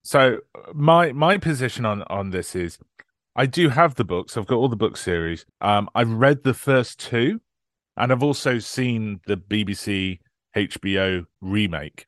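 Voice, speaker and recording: A man's voice: on the low side, expressive, unhurried, a bit bright, no room sound, clean studio sound. A man hosting a casual podcast chat, joking in a wry way. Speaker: podcast host.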